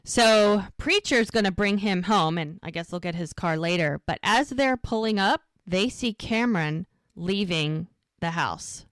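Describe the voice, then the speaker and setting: Animated woman retelling a show. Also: mid-range voice, unhurried, no room sound. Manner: animated retelling, quoting characters with "he's like". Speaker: podcast co-host. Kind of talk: casual recap of a TV episode.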